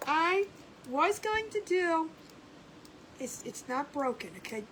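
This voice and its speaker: Bright, chatty woman hosting a craft live. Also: very high voice, sing-song, slow pace, long pauses, slight background noise, rough recording. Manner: chatty, greets viewers by name, laughs often. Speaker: craft livestream host. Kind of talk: casual live-stream chat.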